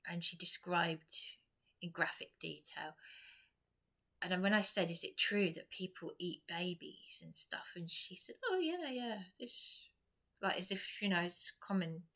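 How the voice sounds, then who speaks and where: A woman's voice: on the low side, steady tone, a little slow, sharp tone. An exhausted woman vlogger talking in a rambling personal monologue, repeating herself, restarting and dropping to whispers.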